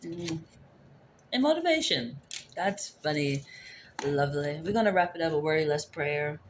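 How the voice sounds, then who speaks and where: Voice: mid-range voice, lively intonation, moderate pace, noisy background. An adult tarot reader giving a casual, rambling spiritual reading into a phone camera, returning to the same phrases. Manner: rambling, repeats favorite phrases.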